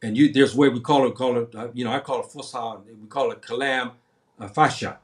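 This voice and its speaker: A man's voice: medium pitch, fairly even intonation, brisk. Heated seventy-year-old man ranting. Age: 70s. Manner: heated, repetitive, rambling with many restarts. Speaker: livestream host. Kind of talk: impassioned livestream monologue.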